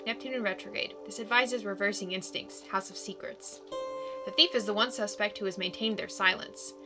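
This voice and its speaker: A woman playing a game casually, reading its text aloud and making quick asides. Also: mid-range voice. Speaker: gaming YouTuber. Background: game music.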